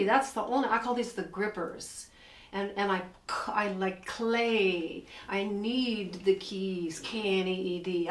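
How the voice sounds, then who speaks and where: A middle-aged woman teaching piano, explaining with enthusiasm as she plays and counting the beats out loud. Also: mid-range voice. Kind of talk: piano lesson. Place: room with a piano. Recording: echoey room, distant mic.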